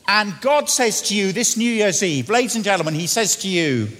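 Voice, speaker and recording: A man preaching a sermon in a church, telling humorous stories and then slowing down to lead an earnest prayer. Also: sits high, animated, bright, forceful tone. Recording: echoey church hall with long reverb.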